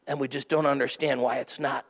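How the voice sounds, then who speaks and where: A man's voice: mid-range voice, level tone, a little fast, big-room sound. A middle-aged man preaching a sermon to a church congregation, with a chatty style full of asides that calls on the crowd to answer. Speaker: pastor. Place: church service before a congregation.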